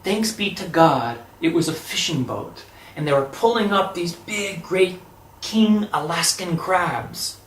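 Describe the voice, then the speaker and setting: A man telling a personal story, lively and acting out the dialogue. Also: high-pitched, measured pace, roomy sound, a little hiss or hum, poor audio. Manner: animated, acts out quoted dialogue.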